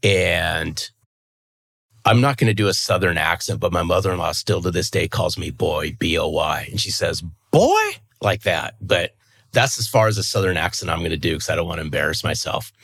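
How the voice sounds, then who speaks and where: Deep gravelly earnest man. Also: steady tone, brisk, a bit bright. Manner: earnest, emphatic, repeats words as he restarts. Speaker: guest. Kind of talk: conversational interview.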